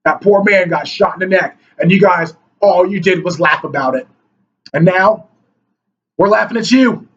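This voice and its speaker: Husky high-voiced man ranting angrily. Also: moderate pace, a bit bright, lo-fi sound. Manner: angry, preachy, mocking opponents in whiny voices. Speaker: political commentator. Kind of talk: ranting monologue to camera.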